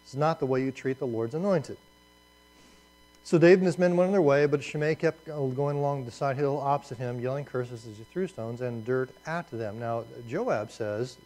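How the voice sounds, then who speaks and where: A man's voice: mid-range voice, normal speed, darkish tone, slight background noise, low-quality recording. Chatty male Bible teacher. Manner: conversational, asks rhetorical questions, adds asides.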